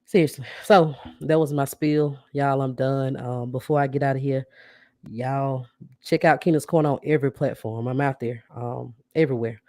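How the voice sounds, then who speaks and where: A woman podcast host chatting casually with livestream viewers, warmly thanking them and reacting to their comments. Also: rumbling low, fairly even intonation, normal speed, dry recording, clean studio sound. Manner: chatty, keeps addressing viewers as y'all; warm and grateful, reacts to comments.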